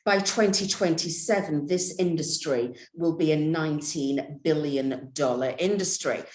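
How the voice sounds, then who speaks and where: A woman hosting an interview, effusive and animated in her questions. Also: low voice, measured pace, roomy sound. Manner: effusive, animated, lively intonation. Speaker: interview host. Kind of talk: casual interview.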